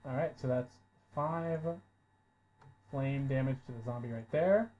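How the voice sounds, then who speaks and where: Unhurried and medium in pitch, a man guides a tabletop role-playing game as its game master, describing the action and calling rolls. When caught off guard he turns loud and swears; the dull lo-fi recording carries a little hiss or hum.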